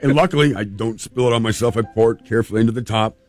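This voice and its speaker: A middle-aged man from California, host of a storytelling show, telling a childhood story in a relaxed, chatty way with restarts. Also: medium pitch, rapid-fire, faint music behind. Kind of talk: casual personal storytelling.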